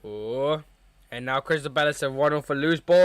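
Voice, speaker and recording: Excitable young football fan. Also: male voice, on the high side, normal speed, clean tone, dry recording. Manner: excitable fan reactions, chatty. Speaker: football watchalong host. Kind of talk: live match watchalong commentary.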